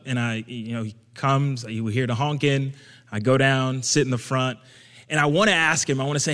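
A young man tells an audience a personal story in a casual, conversational manner, becoming animated whenever he quotes himself. His voice is mid-range and his pace moderate, and a long hall reverb surrounds the recording.

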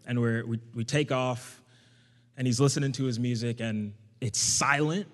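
A young man telling a personal story to an audience in a casual, conversational way, getting animated when he quotes himself. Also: medium pitch, moderate pace. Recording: long hall reverb.

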